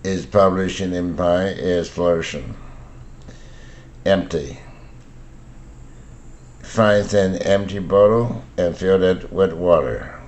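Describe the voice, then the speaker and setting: An older man reads English vocabulary words and example sentences for learners. His voice is very low and his pace unhurried and deliberate. A faint hum of room ambience sits behind him. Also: a little mellow. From Taiwan. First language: Mandarin. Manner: slow, deliberate word-by-word reading. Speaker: English pronunciation teacher.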